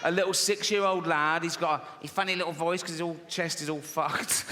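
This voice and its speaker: This stand-up comic, a man with a somewhat high voice, keeps a steady tone at normal speed while he mocks and swears his way through a routine, doing voices for his characters. He's performing live to a theatre audience in an echoey room with faint ambience and heavy background noise.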